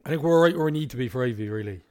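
A man's voice: medium pitch, animated, very fast, warm tone, no echo, clean studio sound. An Irish man co-hosting a podcast in casual chat, easygoing and jokey, steering from one segment to the next. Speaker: podcast co-host.

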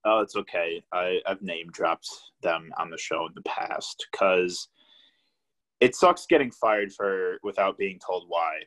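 A man's voice: sits low, measured pace, a bit bright, poor audio. A young man hosting a podcast, chatting in a laid-back way, swearing often and leaning on fillers. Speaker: podcast host. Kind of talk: casual chat.

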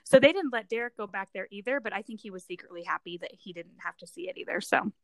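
A woman's voice: mid-range voice, lively intonation, quick pace, dry recording. A young woman co-hosting a podcast, chatting casually and telling stories with frequent laughter. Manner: chatty, laughs often, storytelling. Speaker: podcast co-host. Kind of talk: casual chat.

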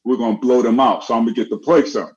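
A middle-aged man telling a story in casual chat, animated and acting out the voices of the people in it. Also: mid-range voice, quick pace. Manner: animated, acts out quoted voices. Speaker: guest. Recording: dull lo-fi audio.

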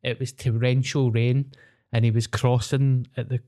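A man with a Glaswegian Scottish accent in a casual chat. He rambles through stories, swears freely and drops into quick impressions of people. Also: medium pitch, level tone, dark tone.

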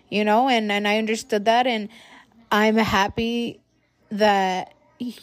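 Talking solo on her podcast, the young woman host keeps it loose and profane, calling her audience "guys." She speaks at normal speed in a fairly high voice, and the recording is dry.

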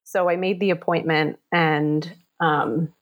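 A woman's voice: deep voice, fairly even intonation, slow pace. A woman in her thirties telling a personal story in a casual, chatty way, with many fillers, acting out the voices of the people in it. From New York area. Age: 30s.

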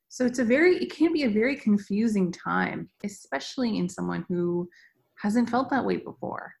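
A woman guest speaking as a mental health expert, explaining in a calm, reassuring way. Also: medium pitch, normal speed, gravelly. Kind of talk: explanatory interview answers.

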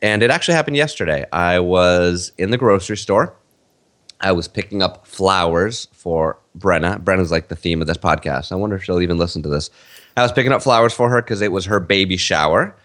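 A man in his thirties with a very low voice, co-hosting a podcast. He tells stories in a loose, rambling way, full of fillers and self-corrections. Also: brisk, a bit bright. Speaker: podcast co-host. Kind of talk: casual storytelling chat.

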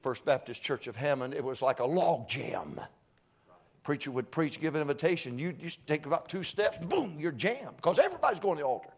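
A man preaching a revival sermon in a church, folksy and joking, pleading softly one moment and shouting from afar the next. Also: a little high, animated, moderate pace. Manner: swings from hushed pleading to far-off shouting. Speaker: guest preacher. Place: church sanctuary.

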